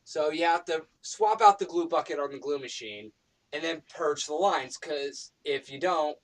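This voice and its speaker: A man on a round table panel telling a story in casual chat, animated and swearing freely. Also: fairly high pitch, normal speed, distant mic. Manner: animated, profane, excitable.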